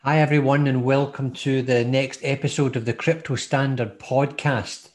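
Scottish male podcast co-host, casual and jokey, middle-pitched voice. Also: steady tone, moderate pace. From Scotland. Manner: jokey, chatty, laughs often.

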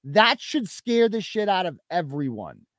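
A man's voice: high voice, sing-song, unhurried, fairly bright tone, no echo, studio quality. A male podcast host giving indignant, emphatic commentary on a live show.

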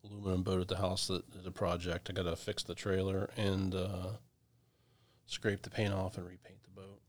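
A man hosting a casual interview, giving relaxed, brief replies. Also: deep voice, moderate pace. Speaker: host.

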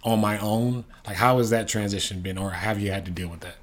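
A man's voice: low voice, fairly even intonation, quick pace, a bit bright, slightly rough. A man co-hosting a podcast, chatting casually and joking about himself. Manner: joking, self-teasing, chatty. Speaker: podcast co-host.

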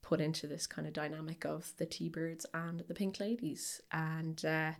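A chatty young woman with a fairly low voice co-hosts a relaxed podcast about a film. She rambles a little, circling back with fillers and restarts as she gathers her thoughts, then pushes on with enthusiasm. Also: normal speed, creaky. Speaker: podcast co-host. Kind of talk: casual chat about a film.

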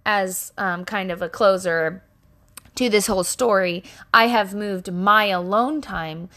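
Podcast host, woman, thirties, bright and chatty, candid, self-mocking storyteller who swears freely. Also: medium pitch, a little slow. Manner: self-deprecating, laughs at herself.

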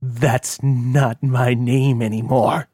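A man's voice: medium pitch, slow pace, breathy edge, no room sound, clean studio sound. A man doing an odd, wry hacker clone. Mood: wistful. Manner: eager, then wistful.

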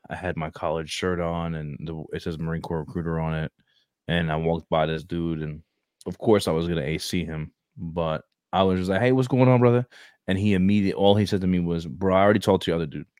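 A young man, a recruiter, tells a casual story in easy slang and gets animated as he goes. His voice is low, and the sound is dry and close. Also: no room sound. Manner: laid-back slang, animated retelling. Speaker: Marine recruiter, co-host.

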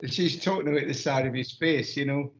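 Rambling man in a roomy, muffled room. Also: mid-range voice. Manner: rambling, halting, many restarts. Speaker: panel guest. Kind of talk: live casual panel chat. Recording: dull, roomy lo-fi sound.

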